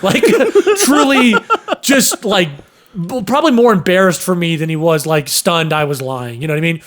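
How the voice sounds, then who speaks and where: A young man casually telling a story on a podcast, animated, cursing and acting out sounds and voices. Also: high voice, normal speed. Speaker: podcast host.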